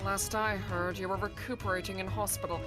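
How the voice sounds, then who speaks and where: A woman's voice: medium pitch, little pitch movement, brisk, over loud music, close to an everyday voice. A woman voicing a cold, disdainful male prosecutor in a game read-through. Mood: scornful.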